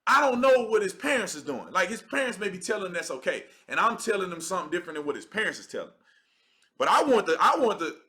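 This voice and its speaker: A man, hosting a casual livestream. His voice sits high and swings widely as he talks in an emphatic, conversational way. The tone is bright and forceful. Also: sing-song, quick pace. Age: 30s. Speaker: livestream host.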